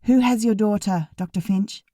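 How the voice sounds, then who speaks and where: A woman's voice: mid-range voice, normal speed, dark tone, no room sound, studio quality, pitched above the performer's own voice, lightly acted. A woman reading an audiobook, voicing a blunt, sassy young woman who fires pointed questions. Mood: pressing.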